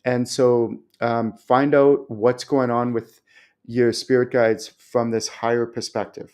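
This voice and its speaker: A man of middle pitch talks to his viewers as host of his own show. He answers their spiritual questions loosely and with rising excitement, leaning on fillers like um and like. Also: takes it slowly. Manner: animated, chatty, many fillers. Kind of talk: casual Q&A talk.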